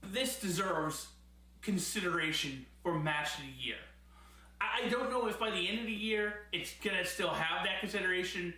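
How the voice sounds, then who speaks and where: A man's voice: on the high side, bright, forceful tone. A man giving a casual, enthusiastic spoken review as a host, rambling at times and laughing often. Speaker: wrestling show reviewer. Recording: very echoey room.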